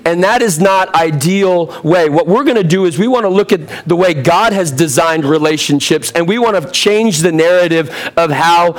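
A young man preaching a sermon as pastor, a little hoarse, telling funny stories with lively asides. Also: fairly high pitch, moderate pace, few pauses. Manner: humorous, storytelling, lively asides.

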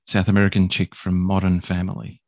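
A man chatting casually as a co-host, relaxed and hesitant with restarts. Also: deep voice, fairly quick, gravelly, no echo. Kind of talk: casual chat.

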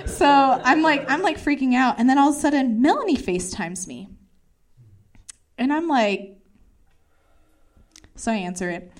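A young woman telling a stand-up comedy story, talking fast and acting out every voice in it. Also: mid-range voice. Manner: fast, animated, acts out every voice in her story.

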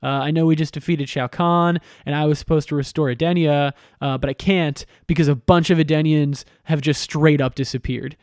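A man's voice: fairly high pitch, steady tone, moderate pace, few pauses, a little mellow, no echo, studio quality, close to an everyday voice. A man paraphrasing a worried young warrior princess from a video game, in a casual, slangy way in his own voice.

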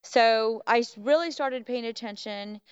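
Smooth-voiced woman telling a tale. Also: on the high side, unhurried, no room sound. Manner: animated, acts out quoted voices. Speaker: podcast guest, Bigfoot researcher. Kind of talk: casual storytelling. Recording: dull lo-fi, dry.

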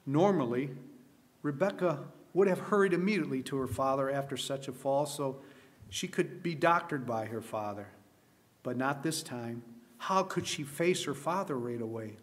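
Man reading a story out loud, earnest and expressive, a bit high-pitched. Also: normal speed. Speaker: storyteller at a camp meeting.

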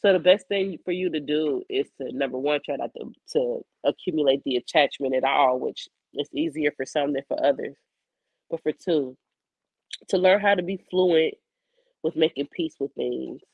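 A hoarse woman in her forties with a fading voice and a cough, talking candidly and reflectively in her personal video journal. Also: low voice, normal speed, dry recording, dull audio. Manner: candid, rambling, colloquial, reflective. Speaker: psychic medium keeping a video journal.

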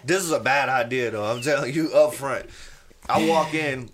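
A man, a podcast host telling a profane, animated story in casual chat and acting out the people in it. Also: mid-range voice, moderate pace, slight background noise. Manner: animated, profane, acts out quoted voices.

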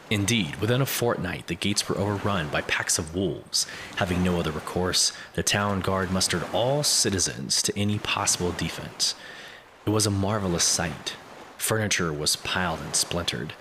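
Man reading letters, very low voice, measured delivery, noisy backdrop. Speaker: reader of community letters. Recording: steady background noise.

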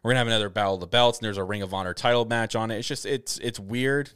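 Low, smooth-voiced Canadian man. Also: rapid-fire, no echo, clean studio sound. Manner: excitable, rambling, many restarts. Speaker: podcast host. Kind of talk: casual chat. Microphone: camera setup on a video call.

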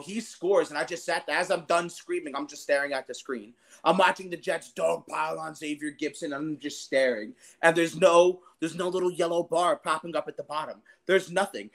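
Fired-up man ranting on a sports podcast. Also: sits high. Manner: animated, heavy swearing, fast rants. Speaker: podcast co-host. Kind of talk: casual sports podcast chat.

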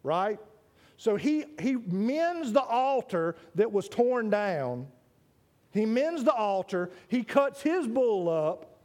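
A man preaching a sermon in an animated way, calling out to listeners by name and stumbling over quick restarts. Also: sits high.

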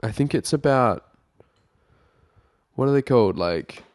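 A man's voice: medium pitch, lively intonation, a little slow, darkish tone, no echo, studio quality. A young man, rambling and swearing his way through a casual podcast chat. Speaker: podcast co-host.

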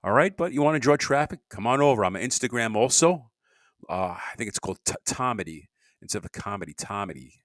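A man talks alone on his podcast in a lowish voice, drifting from point to point and cutting himself off mid-sentence. His voice sits close and dry, with no room sound around it. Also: expressive, fast, fairly bright tone, no echo. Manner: rambling, restarts sentences, grumbling asides. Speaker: podcast host. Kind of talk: rambling solo podcast monologue.

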